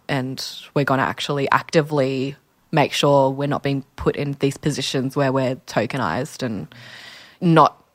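A young Australian woman in her twenties, a musician being interviewed, telling stories in a chatty, lively way full of acted-out quotes. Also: very deep voice, no echo. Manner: chatty, animated storytelling with lots of "like" and acted-out quotes. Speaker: musician guest. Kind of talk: candid casual interview.

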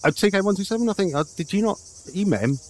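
Man, comedy podcast, fast talker, relaxed manner. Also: sits high.

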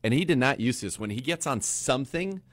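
A man's voice: medium pitch, animated, brisk, no room sound. A man co-hosting a sports podcast, critiquing the broadcast in casual chat.

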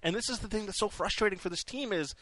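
A man hosting a post-game hockey talk show, animated and full of restarts. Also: high voice, quick pace, no echo. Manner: animated, restarts often, laughs while talking. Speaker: sports podcast host.

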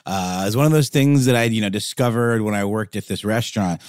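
A man co-hosting a podcast, talking in a rambling, jokey, animated way. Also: lowish voice, a little fast, no room sound, clean studio sound. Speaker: podcast co-host. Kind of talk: casual chat.

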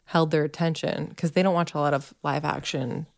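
A woman's voice: low voice, steady tone, normal speed, gravelly. A woman in her thirties co-hosting a podcast, chatting casually with lots of "like" fillers. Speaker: podcast co-host. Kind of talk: casual chat.

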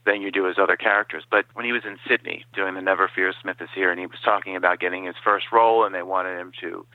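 A man guesting on an interview, telling stories in a lively way and dropping into quoted impressions. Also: low voice, fast, dry recording. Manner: animated storyteller who slips into quoted impressions. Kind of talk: casual interview over the phone. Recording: dry, tinny phone-line sound.

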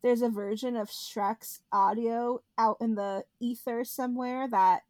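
Young woman on a podcast, highish voice, giggly, dry close mic. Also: unhurried, no room sound. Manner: laughs often, giggly and animated storytelling. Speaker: podcast co-host. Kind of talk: casual chat.

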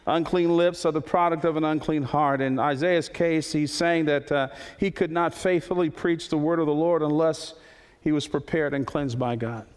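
A male pastor preaching a sermon, building to loud high peaks and then dropping to slow, quiet emphasis. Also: steady tone, clean tone. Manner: preaching with sudden swells to high, loud climaxes and soft, slow drops. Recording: long hall reverb.

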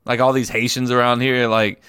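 A man co-hosting a casual podcast, swearing often and jumping up high in pitch when he argues. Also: a little fast, clear, resonant tone, no echo, clean studio sound. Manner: animated, swears a lot, voice jumps up high when arguing. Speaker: podcast co-host. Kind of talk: casual banter. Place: Central Florida.

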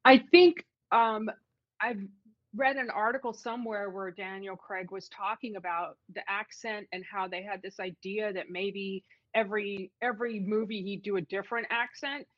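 A woman's voice: mid-range voice, fairly even intonation, normal speed, dry recording. A woman co-hosting a casual film review chat, enthusiastic and hesitant, with frequent fillers. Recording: dull, dry, slightly lo-fi.

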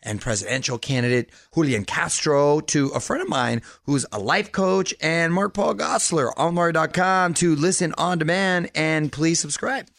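A man hosting a radio show, breezily pitching segments and promos with quick hype. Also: a bit bright, no room sound. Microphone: studio microphone.

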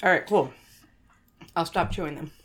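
A woman's voice: low voice, normal speed, slightly rough. A young woman co-hosting a casual podcast, chatting with a giggly, digressive manner and reading sponsor spots. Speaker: podcast co-host.

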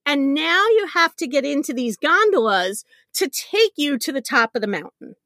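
A middle-aged woman, a podcast guest, telling a story with real animation and a habit of laughing at herself. Her voice sits high and swings widely in pitch. The recording is close and dry, with almost no room sound. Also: moderate pace, no room sound. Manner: animated, laughs often, self-deprecating. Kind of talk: conversational storytelling.

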